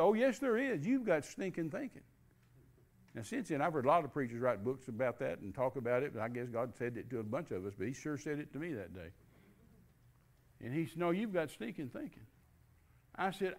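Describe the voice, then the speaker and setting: Older gravelly-voiced preacher telling a story. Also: male voice, medium pitch, a little fast. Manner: animated storyteller, acts out quoted dialogue. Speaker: guest preacher. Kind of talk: storytelling testimony.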